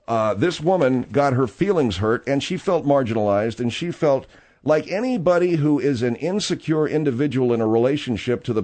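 Brief: male talk show host, dry deadpan delivery, rambling monologue. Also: mid-range voice. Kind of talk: comedic talk radio hosting.

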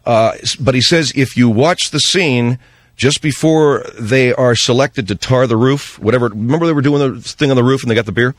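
A middle-aged man hosting a radio show, telling an animated story and slipping into voices when he quotes people. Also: medium pitch, normal speed, no echo, clean studio sound. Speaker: radio host. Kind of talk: storytelling monologue on talk radio.

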